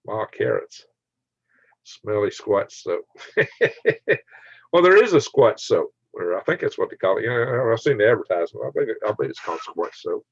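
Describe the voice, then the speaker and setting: A man's voice: lowish voice, very animated, normal speed, vocal fry, slightly rough, dry recording. A man hosting a late-night livestream, joking, laughing often and reading chat comments aloud. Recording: dry, slightly dull sound.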